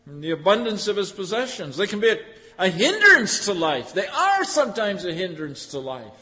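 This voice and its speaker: A man's voice: high voice, wildly swooping pitch, normal speed, sharp tone, in a large hall. A man preaching a sermon in a folksy, chatty way, asking rhetorical tag questions of his listeners.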